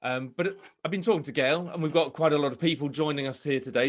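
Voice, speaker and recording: A man from Britain giving a live motivational talk over a video call, telling his story with animated delivery. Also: on the high side, fast talker, few pauses. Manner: animated storytelling, acts out crowd shouts. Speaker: motivational speaker.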